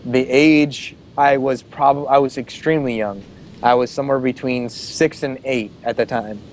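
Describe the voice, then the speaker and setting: Relaxed man recalling a story on a call. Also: mid-range voice, normal speed, slight background noise. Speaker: podcast co-host. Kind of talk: casual storytelling over a call.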